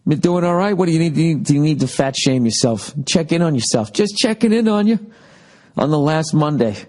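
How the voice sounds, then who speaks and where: A man's voice: on the high side, fast talker, a little mellow. Profane rambling man telling road stories. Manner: profane, rambling storytelling with mocking impressions. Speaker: podcast host. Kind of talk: casual monologue.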